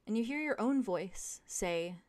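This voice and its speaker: A young woman narrating a tabletop game as game master in the second person, in a hushed, dramatic way. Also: medium pitch, animated, a little slow.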